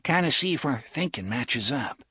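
A man's voice: mid-range voice, lively intonation, moderate pace, pushed and bright, breathy edge, dry recording, clean studio sound, pitched above the performer's own voice, exaggerated voice. A man voicing a nervous, cautious hired gun with a hesitant manner in an audiobook. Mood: urgent. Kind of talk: audiobook character voice.

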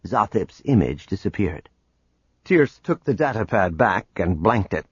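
A man reading a novel aloud as an audiobook narrator, in a measured, even storytelling manner. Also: low-pitched, slightly rough, no echo, dull audio. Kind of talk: scripted narration.

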